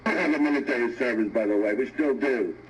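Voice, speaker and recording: A man from Greece arguing in a video debate, speaking haltingly and refusing to swear. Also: medium pitch, slight background noise, low-quality recording. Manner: hesitant, halting, avoids swearing. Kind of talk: heated argument.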